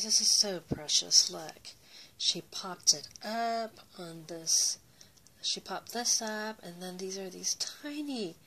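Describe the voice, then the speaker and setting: Bright-voiced woman chatting over crafts. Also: medium pitch, a little hiss or hum, low-quality recording. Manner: chatty, many fillers, gushing over crafts. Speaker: craft YouTuber. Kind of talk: casual unboxing chat.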